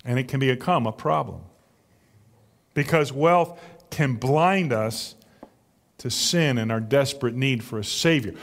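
A male pastor preaching a sermon with drama, dropping to a hush and then building loud. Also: medium pitch, a little slow, pauses often. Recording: long reverb of a large hall.

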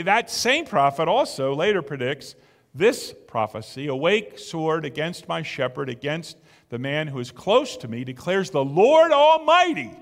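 A man's voice: fairly high pitch, fairly bright tone, long reverb tail. A man preaching a sermon in an emphatic, conversational way, asking his listeners rhetorical questions. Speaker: pastor.

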